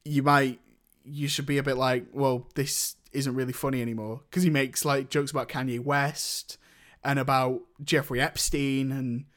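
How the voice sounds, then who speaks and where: A man's voice: mid-range voice, flat delivery, normal speed, a bit bright. A young man in casual chat, reviewing films with a rambling manner and many restarts. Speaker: podcast co-host reviewing films.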